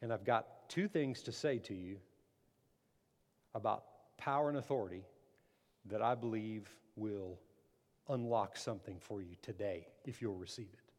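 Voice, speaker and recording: A man's voice: lowish voice, normal speed, long pauses, a little mellow. Man, pastor, emphatic sermon, call and response, long hall reverb. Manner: emphatic preaching, calls for amen.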